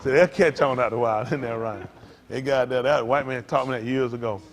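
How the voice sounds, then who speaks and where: A middle-aged male pastor preaching to a congregation, rambling through folksy stories and jumping to loud emphasis. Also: mid-range voice, fairly quick.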